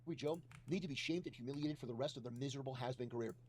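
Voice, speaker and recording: A man's voice: medium pitch, very fast, a little mellow, husky. A man delivering an indignant, accusatory rant in video commentary.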